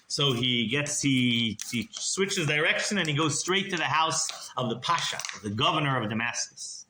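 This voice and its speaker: A man's voice: on the high side, lively intonation, moderate pace, few pauses, pushed and bright, a little hiss or hum. A man, a rabbi, tells a story in a sermon and keeps checking in with the listeners by asking "right?". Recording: roomy echo, faint clicks.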